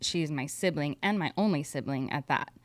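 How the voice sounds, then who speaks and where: A woman's voice: deep voice, no room sound. A woman in her thirties, a podcast guest telling a personal story in a candid, chatty way, with lots of "like". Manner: candid, fast talking, uses "like" often.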